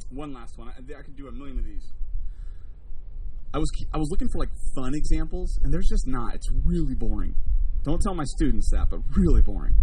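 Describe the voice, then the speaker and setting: A man's voice: medium pitch, a little fast. A man preaching a sermon to a live congregation, asking them questions and adding jokey asides. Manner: lively, asks the audience questions, jokey asides. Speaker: pastor. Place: church service with a live audience. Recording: distant mic with steady background noise.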